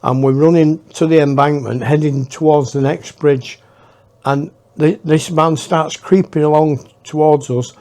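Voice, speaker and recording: Slow-talking storyteller man. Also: a little high, fairly even intonation. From England. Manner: unhurried, drawn-out telling with pauses and hushed asides. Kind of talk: casual spoken anecdote.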